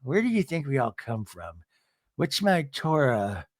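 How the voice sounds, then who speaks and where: A man's voice: medium pitch, big pitch swings, measured pace, dry recording, clean studio sound. A man putting on a dazed woman who murmurs vague, drifting thoughts.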